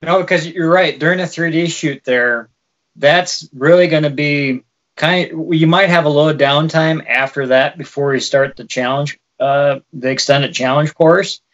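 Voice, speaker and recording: Podcast co-host, male, light Wisconsin accent, slightly raised pitch, casual explainer, muffled audio. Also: unhurried. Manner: relaxed and explanatory, with frequent fillers. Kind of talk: casual chat.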